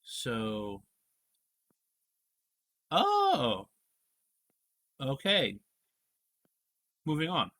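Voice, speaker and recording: A man's voice: mid-range voice, huge pitch swings, extremely slow, long pauses, bright, forceful tone. A man hosting a casual podcast chat, retelling a TV scene in a rambling, storytelling way. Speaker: podcast host.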